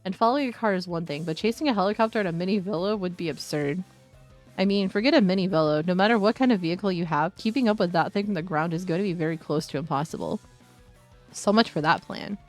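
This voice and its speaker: A woman's voice: on the low side, fast talker, soft background music. Woman streamer reading a story aloud. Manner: steady narration broken by candid asides.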